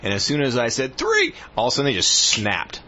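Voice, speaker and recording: A man's voice: mid-range voice, huge pitch swings, brisk, sharp tone, dull audio, slight background noise. A man co-hosting a radio show, teasing his co-host and telling playful stories in the studio. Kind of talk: casual radio banter.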